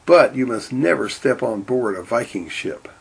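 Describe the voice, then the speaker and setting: A man voicing an older grandfather in a storybook reading, calm and mildly stern. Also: mid-range voice, normal speed, gravelly, husky, heavily acted. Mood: fatherly.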